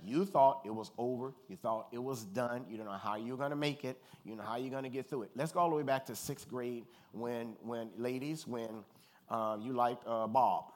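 A man from Louisiana preaches a relaxed, conversational sermon at a middle pitch. He tells stories with humor and keeps checking in with his listeners. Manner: animated storyteller, joking asides, calls for congregation response. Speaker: pastor.

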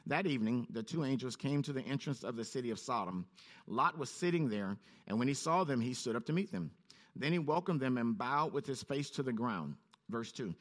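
Animated preacher man. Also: moderate pace. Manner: reads scripture low and steady, then rises sharply in pitch when preaching. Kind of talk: sermon with scripture reading.

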